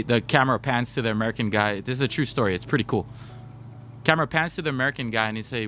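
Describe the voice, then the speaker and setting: A young man streaming games talks very fast in a pushed, bright, mid-range voice, with a bit of hiss or hum audible. He chats casually, tells stories, and addresses his chat directly.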